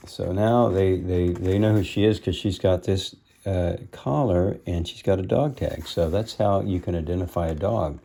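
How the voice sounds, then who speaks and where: A man's voice: deep voice, normal speed, vocal fry, warm tone. A man reading a picture book aloud, stopping to explain the story in simple words. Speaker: storybook reader.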